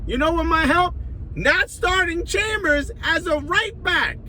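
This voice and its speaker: A man's voice: extremely high pitch, measured pace. A man joking and ranting about his football club while driving through city traffic, filming on his phone. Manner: animated, joking, profane, slangy. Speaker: football fan vlogger. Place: inside a car in city traffic. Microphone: phone camera in a moving car. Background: car sounds.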